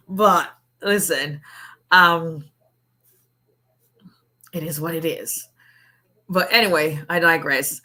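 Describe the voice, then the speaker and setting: A middle-aged woman from Africa hosts a casual livestream as a lawyer, greeting viewers and chatting in a relaxed, rambling way. Her voice sits a little low but rings bright and forceful, and she laughs often between points. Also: measured pace, pauses often. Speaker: immigration lawyer hosting a livestream.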